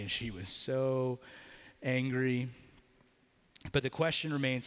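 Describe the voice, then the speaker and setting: A man's voice: mid-range voice, fairly even intonation, a little slow, fairly bright tone, in a large hall. A man preaching a sermon in a church, telling a personal story with casual fillers and leading a prayer. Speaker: pastor. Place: church building.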